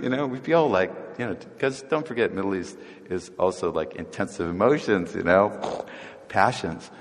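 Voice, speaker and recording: A fairly low-voiced man gives a relaxed, conversational sermon. He jokes and chuckles as he goes and slips into different voices when quoting people. The sound carries a long echo from a large hall. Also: normal speed. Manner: chatty and humorous, chuckling often and acting out quoted voices. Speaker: preacher.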